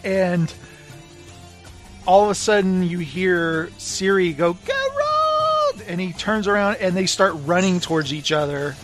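High-voiced man eagerly retelling a story. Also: a little slow, faint music behind. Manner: animated retelling, acting out characters' lines. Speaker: podcast co-host. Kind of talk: casual book discussion.

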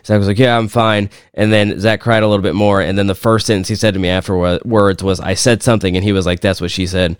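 Young dude rambling thru a story on a podcast, smooth voice, dry close sound. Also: male voice, on the low side, flat delivery, fast talker, few pauses, no room sound. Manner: rambling storyteller, swears often. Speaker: podcast co-host. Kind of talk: casual chat.

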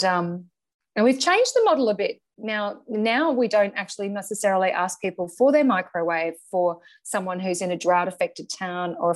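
A middle-aged woman speaks as an interview guest. She tells her story with energy and laughs often. Her voice sits at an ordinary, mid-range pitch. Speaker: guest, charity founder. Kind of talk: conversational interview.

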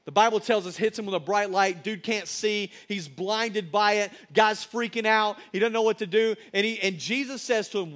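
A man's voice: high voice, normal speed, hardly any pauses, fairly bright tone. A man preaching a sermon in a colloquial, emphatic storytelling manner.

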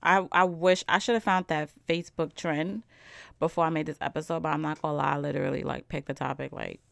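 A young woman talks through a casual solo podcast. She is animated and slangy, driving her points home with repeated "okay?" over a dry, close sound. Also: low-pitched, fast talker, vocal fry, no room sound. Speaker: podcast host.

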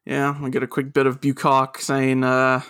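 A man's voice: medium pitch, monotone, normal speed, fairly bright tone, clean tone, no room sound, studio quality. A man co-hosting a podcast, recapping an anime in casual, laid-back chat. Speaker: podcast co-host.

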